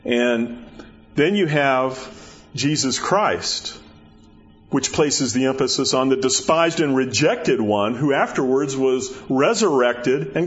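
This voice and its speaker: Conversational preacher, dull lo-fi sound. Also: male voice. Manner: conversational, repeats words, rises in pitch for emphasis. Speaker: pastor. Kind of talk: sermon. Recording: dull lo-fi recording.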